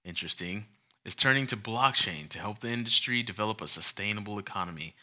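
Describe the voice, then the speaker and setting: A man's voice: fairly low pitch, fast, pushed and bright. A man co-hosting a casual chat show, joking around and acting out little scenes. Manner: jokey, acts out little scenes in funny voices. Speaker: podcast co-host.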